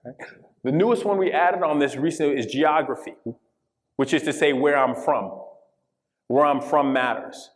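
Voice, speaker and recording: A man's voice: on the high side, a little fast. A man from Colorado giving an interactive diversity workshop, speaking emphatically and checking in with the audience often. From Colorado, USA. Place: conference session room. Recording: long reverb of a large hall.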